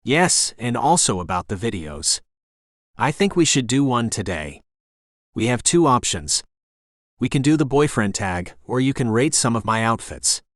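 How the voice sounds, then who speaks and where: A man voicing a withdrawn young man who talks softly and hesitantly in an audiobook. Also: mid-range voice, sing-song, moderate pace, no room sound, clean studio sound, close to an everyday voice. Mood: eager. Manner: soft, hesitant, murmured.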